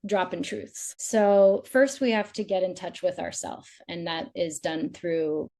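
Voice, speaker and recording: A woman's voice: lowish voice, steady tone, measured pace, warm tone. A woman who coaches on dating and relationships, giving casual, chatty advice as a podcast guest, with many "like"s and acted-out quotes of other people. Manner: chatty, says "like" often, acts out quoted voices.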